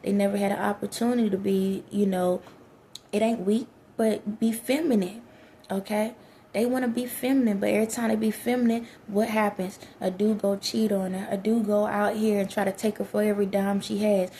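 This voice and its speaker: A woman's voice: mid-range voice, fairly even intonation, brisk, mellow, slight background noise. A woman, giving blunt, preachy relationship advice straight to her listeners in a casual monologue.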